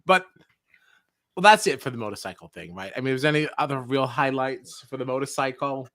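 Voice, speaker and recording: A man co-hosting a reality TV podcast in casual chat, animated, often mocking people in exaggerated quoted voices. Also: medium pitch, brisk, no room sound, studio quality. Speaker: podcast co-host.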